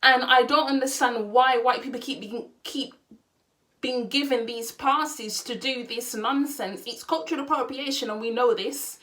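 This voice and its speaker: Speaking directly to the camera, a young adult woman rants in an opinion vlog, sounding emphatic and indignant and repeating her questions for effect. Her voice is high and slightly bright.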